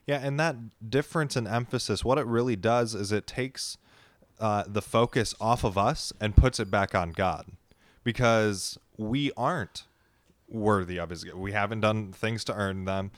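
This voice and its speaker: A man co-hosting a casual faith discussion, calmly explaining points and building on his partner's ideas. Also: fairly low pitch, moderate pace, dry recording. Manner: calm, explanatory, builds on the other host's points.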